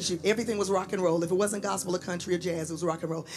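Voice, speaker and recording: A woman tells a lively, animated story in tribute to her late mother, acting out the voices as she goes. She speaks in a church at a memorial service. Music plays clearly behind her. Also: medium pitch, fast, few pauses. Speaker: daughter giving a tribute. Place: church sanctuary.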